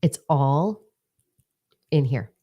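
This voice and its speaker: A woman in her forties giving a blunt, excitable motivational talk at home, swearing freely. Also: extremely low pitch, drawn-out words, slightly rough. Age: 40s. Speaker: life coach. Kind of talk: casual motivational talk to camera.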